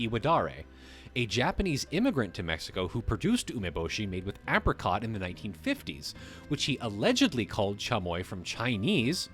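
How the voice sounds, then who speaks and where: A man's voice: fairly low pitch, a bit bright. A man hosting a livestream, reading a text aloud and breaking off to riff on it casually, swearing now and then. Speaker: livestream host.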